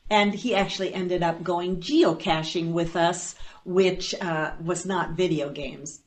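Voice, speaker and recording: A woman and foster parent telling a personal story at a storytelling event, animated and playful, with dry asides. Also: lowish voice, measured pace.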